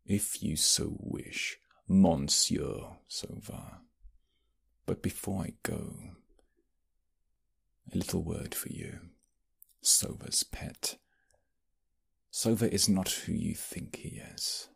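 A man's voice: deep voice, slow, gravelly, pauses often, breathy edge, full character voice. A man voicing a sly, smug British nobleman rival who taunts and threatens in an audio role-play.

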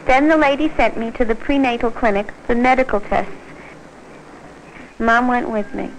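A woman's voice: fairly high pitch, normal speed, a little hiss or hum, close to an everyday voice, low-quality recording. An actress voicing a scared pregnant teenage girl, narrating her story in earnest, plain first-person narration for an old educational film.

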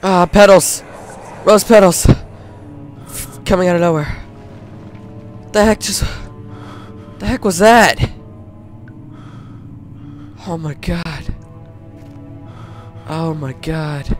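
A young man panicking, yelling and reading text aloud while playing a horror game. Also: sits high, takes it slowly, pauses often, faint music behind. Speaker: gamer. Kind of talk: horror let's play commentary.

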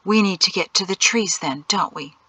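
A woman's voice: on the low side, moderate pace, bright, forceful tone, breathy edge, no echo. A woman reading an audiobook, voicing a stubborn, heavily pregnant woman who talks bluntly and wryly. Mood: defiant. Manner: blunt, wry, defiant.

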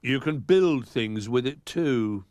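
A man's voice: mid-range voice, expressive, slow pace, a little mellow, no room sound. A man voicing a prim, know-it-all toy duck in a storybook reading.

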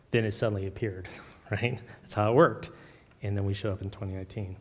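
A man preaching an informal sermon with personal testimony, earnest and halting, with many fillers and restarts. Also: little pitch movement, a little mellow. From Oregon. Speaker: lay preacher. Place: church sanctuary. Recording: long hall reverb, faint rumble.

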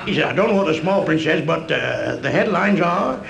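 A man's voice: fairly high pitch, expressive, brisk, vocal fry, a bit bright. A man with a Mancunian accent doing a crude stand-up comedy routine, chuckling at his own punchlines.

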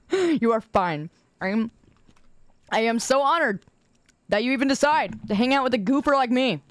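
A woman's voice: fairly high pitch, expressive, normal speed, no echo. A woman game streamer chatting casually with her viewers, goofy and rambling, poking fun at herself and laughing often. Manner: goofy, rambling, self-mocking.

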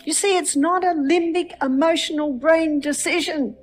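A woman with a somewhat high voice gives a faith-based lecture. She speaks expressively, telling a story and asking rhetorical questions, with faint music behind her. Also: steady tone, moderate pace.

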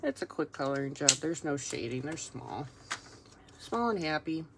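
While working at her craft table on a stamping project, a woman chats casually and a little self-deprecatingly, thinking aloud as she shows how it's done. Her voice is low, very animated, and moderately paced. The recording is very noisy.

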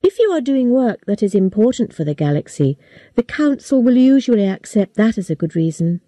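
A woman reading a story aloud slowly and clearly for English learners. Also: medium pitch, no room sound. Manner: slow, clear, even storytelling. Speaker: story reader. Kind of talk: slow scripted narration for English learners.

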